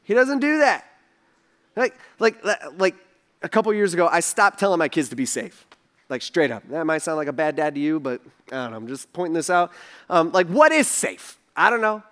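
A pastor gives a casual sermon in a fairly high, slightly bright voice with lively intonation at normal speed. He talks loosely and conversationally, says "like" a lot, and acts out voices for the people he quotes.

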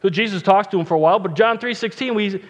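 Joking pastor preaching in a reverberant hall. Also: male voice, high voice, quick pace. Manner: chatty, joking asides, conversational. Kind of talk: casual sermon with Bible reading. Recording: long reverb, dull lo-fi sound.

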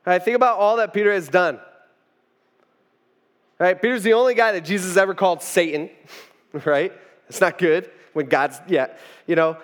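A young male pastor with a high-pitched voice preaches in an easygoing, chatty style. He tells the story loosely, trailing off and restarting his phrases as he goes. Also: a bit bright. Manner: casual storytelling with fillers and restarts. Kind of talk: conversational sermon.

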